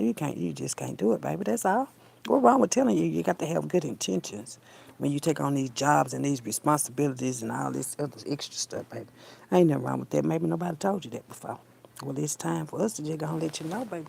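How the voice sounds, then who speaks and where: Gravelly, husky woman vlogger. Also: low-pitched, dark tone. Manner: blunt, rambling, calls viewers baby and child, drifts into mutters. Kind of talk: casual talk to viewers while braiding own hair.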